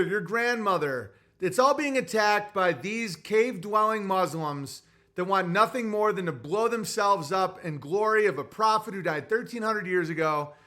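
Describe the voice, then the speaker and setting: High, bright-voiced man ranting profanely. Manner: profane, ranting, mocks others in quoted voices. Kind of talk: heated conversational rant.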